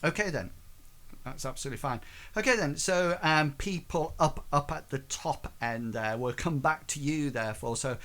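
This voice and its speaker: A man narrating as game master in a tabletop game, halting and restarting often. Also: fairly high pitch, fairly bright tone.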